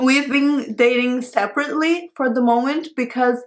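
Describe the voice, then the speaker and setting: A woman's voice: high-pitched, steady tone, normal speed, very noisy. A woman in her late twenties talking openly but hesitantly with her partner, searching for words and giggling shyly. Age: 20s. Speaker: co-host. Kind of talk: casual couple chat.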